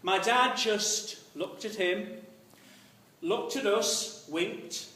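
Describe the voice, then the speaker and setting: A man telling a gently humorous story as part of a sermon in a church. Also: sits high, very slow, a little hiss or hum. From Ireland. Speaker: preacher. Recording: echoey church from far off.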